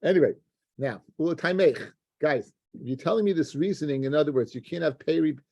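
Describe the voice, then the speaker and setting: A man with a gravelly, dark voice teaches a daily Talmud lesson in a dry, close-sounding room. He works through the text step by step, stumbling and restarting words as he talks to his students. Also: a little high, brisk, no echo. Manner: explains step by step, restarts words, addresses listeners as guys.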